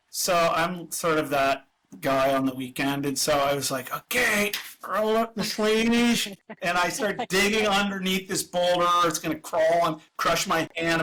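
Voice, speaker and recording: A man with a bright, slightly raised voice tells an animated, self-deprecating story as a podcast guest. He talks casually over a video call. A faint hiss sits under him. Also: on the high side, rough recording. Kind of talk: casual chat.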